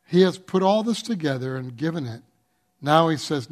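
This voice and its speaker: A man's voice: fairly high pitch, animated. A man preaching a sermon as pastor, earnest and pleading, with emphatic swells and scripture read aloud. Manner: reads scripture aloud slowly.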